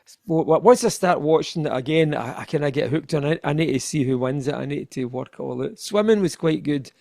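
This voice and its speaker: A man's voice: a little high, fairly quick, gravelly, mellow, dry recording, studio quality. A Scottish man, a keyboardist and interview guest, chatting casually and rambling with frequent restarts.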